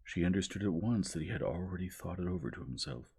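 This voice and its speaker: Very deep, gravelly man reading softly. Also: lively intonation. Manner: slow, hushed, gentle. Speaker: narrator. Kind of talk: soft ASMR reading of a novel.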